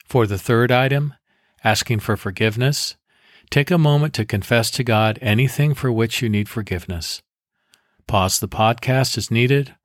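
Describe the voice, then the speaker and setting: Low-voiced man leading guided prayer. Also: dry recording, studio quality. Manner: measured, deliberate instructions. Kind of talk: guided devotional meditation.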